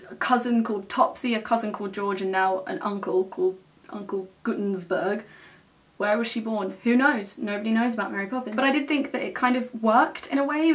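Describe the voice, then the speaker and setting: A woman's voice: medium pitch, far from the mic. A young woman reviewing a film in a casual, enthusiastic way, often ending her points with a questioning "okay?". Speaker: film vlogger.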